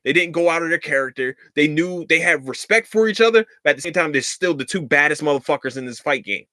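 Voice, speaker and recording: A man's voice: a little high, lively intonation, fast talker, sharp tone, no echo, studio quality. A man hosting a podcast, ranting in a heated, profane and sarcastic way, repeating lines for emphasis. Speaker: podcast host. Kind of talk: casual rant.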